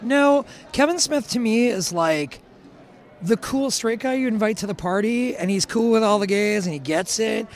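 A man chatting casually, an animated storyteller who acts out what people said. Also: high-pitched, moderate pace. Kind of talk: casual chat. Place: Burbank autograph show venue.

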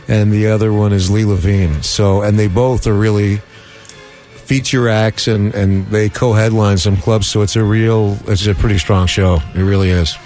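A man who is a comedian, chatting as a studio guest on a radio show with quick, candid storytelling. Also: on the low side, darkish tone. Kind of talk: casual radio chat.

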